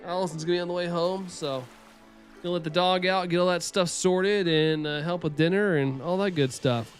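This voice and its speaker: A man's voice: high voice, steady tone, moderate pace, clean tone, soft background music. A man chatting casually with his live-stream viewers, rambling and laughing often.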